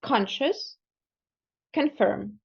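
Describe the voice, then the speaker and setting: Slow, careful Ukrainian-accented woman. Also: fairly high pitch, expressive, vocal fry, breathy edge, highs cut off. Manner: careful, repeats words one by one. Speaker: student. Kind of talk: repeating words in a pronunciation lesson.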